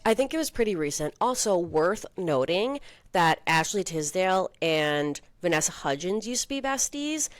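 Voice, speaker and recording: A young woman with a low voice co-hosts a casual chat podcast. She talks breezily and fills her sentences with "like". The sound is dry and close, with no room behind it. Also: big pitch swings, no room sound. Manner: chatty, heavy use of "like", quick asides. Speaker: podcast co-host.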